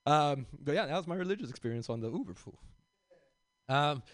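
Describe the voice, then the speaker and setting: A man's voice: fairly high pitch, animated, fairly quick, dry recording, clean studio sound. A man from South Central Los Angeles doing a stand-up comedy set, talking loosely to the crowd with fillers and restarts and calling them "y'all.". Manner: rambling with many fillers and restarts.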